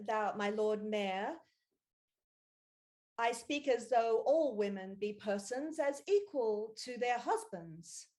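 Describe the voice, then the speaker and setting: A woman's voice: fairly high pitch, darkish tone. A woman playing a rousing suffragette lady. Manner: declamatory, old-fashioned speech with thee and thou. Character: bold young suffragette lady, earnest and rousing. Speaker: improv stage actor. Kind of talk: improvised mock-Shakespearean stage acting.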